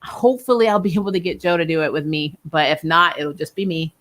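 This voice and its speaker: A woman's voice: low voice, fast talker, fairly bright tone. A young adult woman hosting a casual live-stream chat about TV shows, talking loosely, laughing often and trailing off mid-sentence. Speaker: host of a TV review channel.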